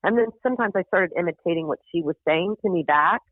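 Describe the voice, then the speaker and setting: On a podcast, a woman stand-up comic tells a story in loose, casual chat, cursing freely and acting out the voices of the people involved. Her voice sits fairly low and moves fast, the recording is dry, and the audio sounds thin and phone-like.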